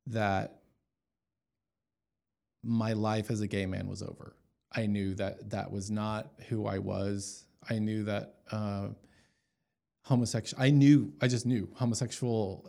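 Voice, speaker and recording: A man's voice: fairly low pitch, gravelly, a little mellow. A man giving an emotional personal testimony as an interview guest, talking in a storytelling way with many fillers and restarts.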